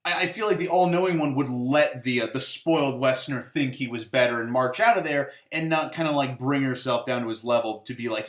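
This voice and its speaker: A man's voice: medium pitch, fairly quick, few pauses. A man hosting a casual movie review show, rambling and sarcastic, with lots of "like" and swearing. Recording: roomy echo.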